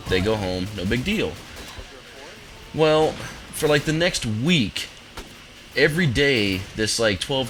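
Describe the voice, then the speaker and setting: A young man commentating his gameplay from a home office, telling a story in a relaxed, rambling, amused way. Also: fairly low pitch, poor audio. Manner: laid-back, rambling, amused. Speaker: gaming commentator. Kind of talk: casual storytelling over gameplay.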